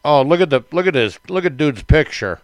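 A man's voice: fairly high pitch, lively intonation, fairly quick, no room sound. A man co-hosting a casual chat, crude and joking, who reads out news stories.

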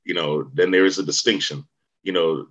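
A middle-aged man from the Bay Area recounting his start in acting during a relaxed interview, circling back with "you know" and restarts. His voice sits very low yet comes across bright and forceful. The recording is a little dull and muffled. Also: normal speed. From Vallejo, Bay Area, California. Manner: rambling storyteller, many fillers and restarts. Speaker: actor, interview guest. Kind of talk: casual interview conversation.

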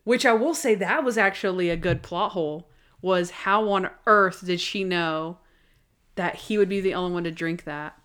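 A woman talks through TV episodes on her podcast in a loose, chatty way. She peppers everything with "like" and jumps between quick asides. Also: on the low side, a bit bright. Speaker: podcast co-host. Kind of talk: casual chat recapping TV episodes.

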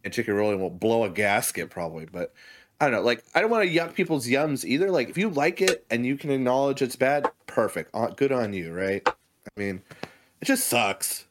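A man's voice: mid-range voice, animated, brisk, a little hiss or hum. A man co-hosting a podcast in casual chat, swearing often and laughing a lot as he rants. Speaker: podcast co-host.

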